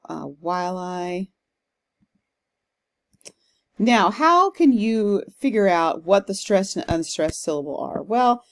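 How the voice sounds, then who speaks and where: A woman teaching a literature class in a recorded lecture, talking casually and reading verse aloud with a slow stressed rhythm. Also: lowish voice, a little mellow. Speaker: literature instructor. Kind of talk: recorded lecture on poetic meter.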